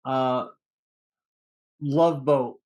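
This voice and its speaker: Over a noisy crowd, a man speaks extremely slowly in a medium-pitched voice with fairly even intonation. He co-hosts a casual movie review podcast, rambling through cast names, restarting, and chuckling at his own jokes.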